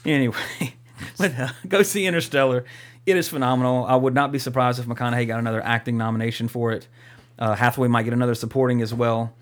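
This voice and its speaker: A man's voice: mid-range voice, steady tone, fast talker. A young man co-hosting a podcast, chatting casually and rambling, with lots of fillers, restarts and swearing. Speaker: podcast co-host.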